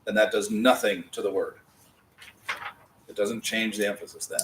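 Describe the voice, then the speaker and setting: A man's voice: fairly low pitch, steady tone, moderate pace, fairly bright tone. A man teaches a class, walking his students through each point with patience. His voice carries from some way off in an echoey room. A faint hum sits underneath. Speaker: Hebrew teacher. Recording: echoey room, mic far off.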